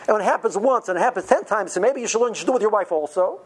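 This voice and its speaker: A man teaching yeshiva students in an informal, animated Torah lecture, often stumbling and restarting his words. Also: high-pitched, rapid-fire, slightly rough, low-quality recording. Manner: animated, stammering restarts, uses Yiddish and Hebrew study terms.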